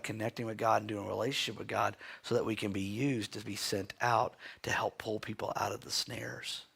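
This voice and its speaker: A man's voice: on the low side, creaky, fairly bright tone. A man preaching a sermon in a church, telling a personal story in an earnest, heartfelt way. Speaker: pastor. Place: church sanctuary.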